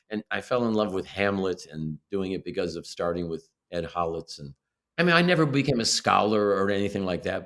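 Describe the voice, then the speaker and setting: An older man from Illinois, a guest actor, telling stories in a casual interview with many restarts and self-corrections. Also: low-pitched.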